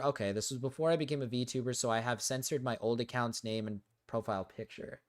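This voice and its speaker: A man's voice: mid-range voice, moderate pace. Male streamer, casual reaction commentary, reads text aloud, incredulous asides. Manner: reads quotes aloud, interrupts with incredulous remarks, bursts of loud laughter.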